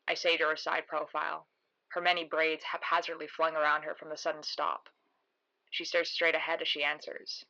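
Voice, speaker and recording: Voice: medium pitch, flat delivery, moderate pace, sharp tone, lo-fi sound. A narrator telling a horror mystery podcast story in the first person, in a sardonic, sarcastic manner.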